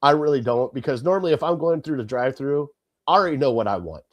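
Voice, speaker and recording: A man co-hosting a casual sports podcast, telling family stories in an animated way and acting out the people in them. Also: mid-range voice, quick pace, highs cut off. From Ohio, United States. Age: adult parent. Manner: animated storyteller, acts out family members. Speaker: podcast co-host. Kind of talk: casual chat.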